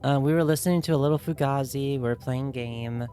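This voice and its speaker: A woman's voice: a bass voice, fairly quick, dark tone, faint music behind. A woman streaming games and chatting casually with viewers, playful and teasing, often giggling.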